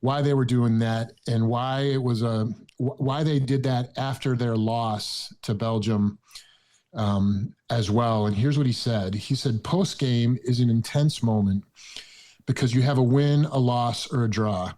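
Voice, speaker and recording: A man with a mid-range voice hosts a casual sports podcast. He explains things in a relaxed, chatty way, loose and unhurried. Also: medium pitch. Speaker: podcast host.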